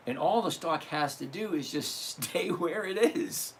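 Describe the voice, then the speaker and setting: Gravelly-voiced guy in his 60s running a trading livestream, pitch jumps around a lot, jokey and loose, a little hiss behind. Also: lively intonation, unhurried, hardly any pauses. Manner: chatty, jokey, swears casually; reads out numbers step by step. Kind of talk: casual livestream teaching.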